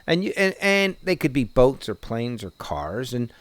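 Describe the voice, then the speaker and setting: A man's voice: mid-range voice, sing-song, a little slow, a bit bright, dry recording. A man with a New Jersey accent, chatting casually as a podcast co-host, rambling and profane with many restarts. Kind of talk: casual chat.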